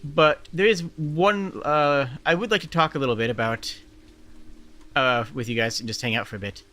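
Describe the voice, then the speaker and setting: A man running a tabletop game as game master, narrating in a halting way with many fillers and restarts. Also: a little high, pushed and bright.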